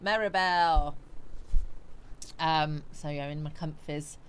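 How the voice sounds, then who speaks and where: A woman's voice: low voice, fairly even intonation, slow, slight background noise. A woman from the West Country, hosting a live chat stream from a small home studio, sleepy and yawning as she greets viewers by name and answers their comments. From West Country, England. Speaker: livestream host.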